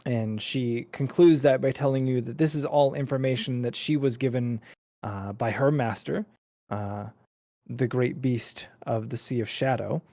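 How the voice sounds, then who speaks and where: A man narrating as game master of a tabletop game, relaxed, with frequent ums. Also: mid-range voice, a little slow, no echo, clean studio sound.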